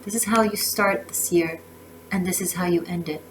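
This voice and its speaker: A woman's voice: fairly low pitch, fairly even intonation, normal speed, slight background noise, rough recording. Effusive woman doing a tarot reading. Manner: effusive, emotional, with many restarts and laughs. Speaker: tarot reader.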